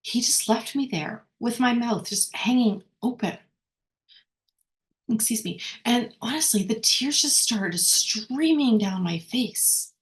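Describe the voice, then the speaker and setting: A woman's voice: on the high side, lively intonation, slow pace. A woman leading a workshop lesson, talking conversationally, often checking in with "right?" and correcting herself as she goes. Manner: rambling with frequent self-corrections. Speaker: workshop speaker. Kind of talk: informal teaching talk.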